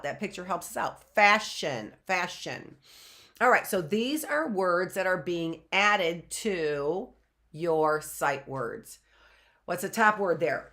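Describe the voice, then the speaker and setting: A woman's voice: lowish voice, a bit bright. A middle-aged woman teaching an online phonics lesson, patiently repeating and sounding out words for young learners.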